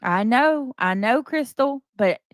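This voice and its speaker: A woman's voice: on the high side, expressive, slow pace, no room sound. Exasperated woman host, dry close sound. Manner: exasperated, defensive, repeats herself with restarts. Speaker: live stream host. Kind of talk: casual live stream chat.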